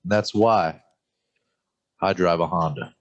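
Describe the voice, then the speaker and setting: A cocky Louisiana rogue, put on by a man for a tabletop game, rambling and drawling without a care. His voice sits low and deep. He sounds pleased with himself. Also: slow pace, lo-fi sound. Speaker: player. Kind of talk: in-character introduction.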